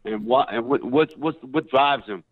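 A man's voice: medium pitch, normal speed. A middle-aged man, an actor, telling a story in a casual interview, acting out quoted voices. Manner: animated, acts out quoted voices loudly. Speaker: actor guest. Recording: tinny phone-like line.

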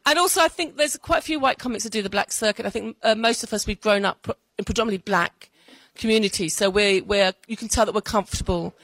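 A woman's voice: mid-range voice, fast, fairly bright tone, dry recording, rough recording. Chatty middle-aged woman comedian, dry sound. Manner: chatty, laughs often. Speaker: stand-up comedian. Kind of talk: casual interview. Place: outdoor festival.

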